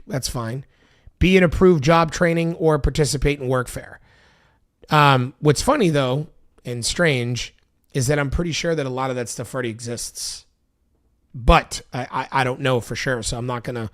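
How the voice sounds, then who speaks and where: A man's voice: medium pitch, moderate pace. A man on a stream reading a bill aloud line by line, breaking off into loose, casual asides full of fillers. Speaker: political commentary streamer.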